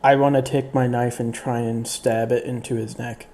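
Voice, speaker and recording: A man's voice: mid-range voice, flat delivery, moderate pace, warm tone. A man playing a tabletop game, hesitant and stammering. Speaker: player.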